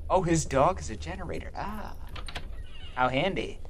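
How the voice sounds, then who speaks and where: A man's voice: on the high side, lively intonation, normal speed, a little hiss or hum. A young man doing let's play commentary, goofy and joking, swearing as he plays. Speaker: gaming youtuber.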